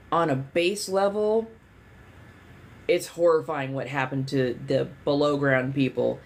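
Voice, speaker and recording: A woman's voice: sits low, darkish tone. A woman hosting a livestream in casual chat. She rambles candidly, swears freely and leans on lots of fillers. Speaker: livestream host.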